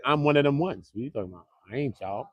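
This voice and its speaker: A young man talks fast and animatedly on a casual livestream, his pitch bouncing high and low. He jokes with viewers in loose slangy banter while standing outdoors by a courthouse. The sound is close and dry. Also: animated, breathy edge, no room sound, dull audio. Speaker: livestream host.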